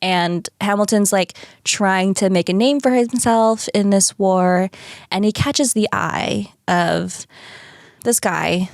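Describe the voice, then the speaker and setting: The woman co-hosting this podcast has a medium-pitched voice with vocal fry and talks slowly as she casually recaps a musical. She swears a lot, throws in playful asides, and performs the characters with animation, on a dry, clean studio recording.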